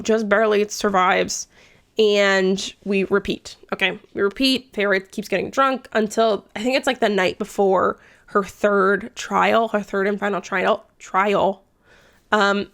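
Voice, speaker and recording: A woman's voice: medium pitch, fairly bright tone. A young woman recapping a book in a chatty, casual way, swearing freely and dropping into whispered asides. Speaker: book reviewer.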